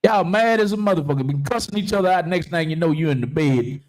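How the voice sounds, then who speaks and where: A man with a fairly high speaking voice hosts a live stream, joking loudly and reading viewer comments aloud between stories. His banter is casual and full of swearing. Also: fast talker. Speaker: livestream talk show host.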